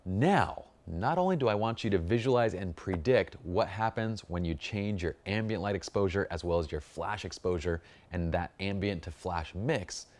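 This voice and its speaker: A man's voice: deep voice, darkish tone. A man teaching a photography workshop, upbeat and jokey, full of enthusiasm. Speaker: photography instructor. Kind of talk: workshop lesson.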